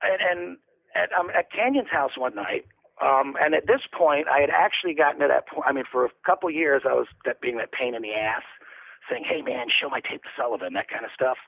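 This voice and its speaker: Male interview guest, gravelly and husky, rambling profane storyteller, tinny phone-line sound. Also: mid-range voice, a little fast. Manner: rambling, profane, laughing anecdotes. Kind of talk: casual storytelling.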